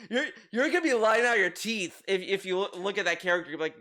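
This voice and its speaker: A man with a notably high voice talks through a reaction commentary in a loose, casual way. He swears freely, doubles back on his words and restarts sentences mid-thought. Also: lively intonation, fairly quick, pushed and bright. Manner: rambling, profane, repeats words and restarts often. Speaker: commentary video host.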